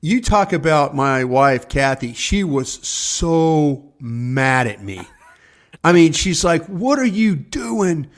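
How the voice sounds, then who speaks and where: A man's voice: medium pitch, animated, takes it slowly. An older man, a former scout, telling rambling stories on a video call from his home office, acting out what others said. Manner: rambling, acts out quotes in voices. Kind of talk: casual storytelling chat.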